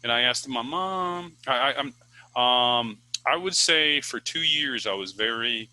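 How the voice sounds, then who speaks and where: A chatty man talks about teaching English, full of fillers and quick restarts. His voice is very bright and forceful, at a middle pitch. The sound is dry and close, with no room around it. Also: dry recording, low-quality recording. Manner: chatty, many fillers and restarts, lively ups and downs. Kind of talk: casual talking-to-camera advice.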